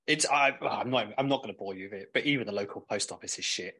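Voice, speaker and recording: A man's voice: lowish voice, quick pace, sharp tone, slightly rough. Blunt, ranting man. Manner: blunt, swears freely, ranting. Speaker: guest, clothing brand owner. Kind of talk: casual podcast chat.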